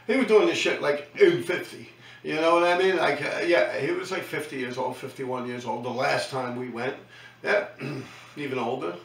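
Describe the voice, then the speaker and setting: A man's voice: mid-range voice, moderate pace, vocal fry, reverberant, distant mic, rough recording. A middle-aged man with a New York accent, telling stories in a casual monologue, profane and slangy, tagging his lines with "man.". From New York City. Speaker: host recounting his graffiti days.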